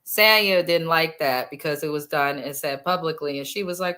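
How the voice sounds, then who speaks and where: A woman with a slightly low voice rants about a reality show in loose, blunt chat. She talks in slang and sounds exasperated. She is on a video call. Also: normal speed, few pauses, bright, forceful tone. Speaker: reality TV review host. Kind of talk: casual opinionated chat.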